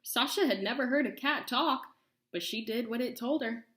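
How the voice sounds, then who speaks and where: A woman reading a children's story aloud, expressive and slowing for suspense. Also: on the high side, reverberant. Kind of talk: read-aloud story narration.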